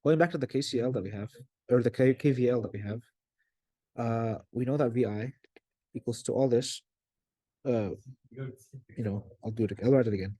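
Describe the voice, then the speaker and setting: A young man talks through a circuit problem step by step, pausing on fillers and correcting himself as he goes. His voice is mellow and a little husky. It is recorded close and dry, with no room sound. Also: mid-range voice, dry recording. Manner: thinking aloud with frequent fillers and self-corrections. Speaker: tutor.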